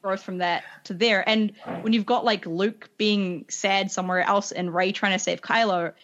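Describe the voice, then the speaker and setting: A woman's voice: mid-range voice, steady tone, normal speed, fairly bright tone, highs cut off. Enthusiastic woman chatting about films. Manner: enthusiastic, frequent "like" fillers. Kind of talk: casual film discussion.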